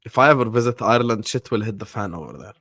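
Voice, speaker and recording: A man's voice: on the low side, lively intonation, quick pace, a bit bright, no echo, clean studio sound. A young man hosting a livestream, chatting in a rambling, slangy way and dropping in short Arabic phrases. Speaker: livestream host. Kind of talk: casual livestream chat.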